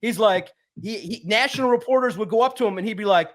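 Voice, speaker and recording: A high-energy man, a sports writer guest, telling a lively story and acting out the voices in it. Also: quick pace, hardly any pauses. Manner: high-energy, acts out quotes loudly. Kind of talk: animated storytelling.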